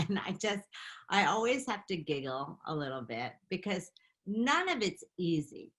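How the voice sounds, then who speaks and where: A middle-aged woman telling stories in a casual interview, animated and quick to laugh. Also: fairly low pitch. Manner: animated, laughing, chatty storytelling. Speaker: interview guest, makeup artist and beauty founder.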